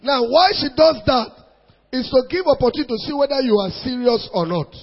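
Nigerian man, middle-aged, husky high-voiced preacher, dull lo-fi hall recording. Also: fairly quick. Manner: animated storytelling in Nigerian Pidgin mixed with English, acting out voices. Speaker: pastor. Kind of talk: preaching sermon to a congregation.

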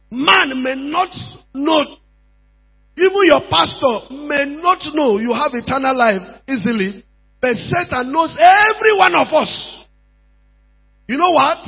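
Man, pastor preaching, high voice, emphatic and repetitive, shouts at times, dull recording with hum. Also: creaky, husky. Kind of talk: sermon.

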